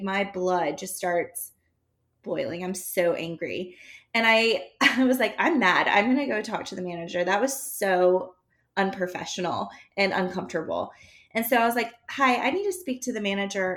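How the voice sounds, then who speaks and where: Animated woman telling a story. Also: mid-range voice, unhurried. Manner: animated, acts out quoted dialogue, laughs between lines. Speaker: storyteller in a group chat. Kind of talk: casual storytelling.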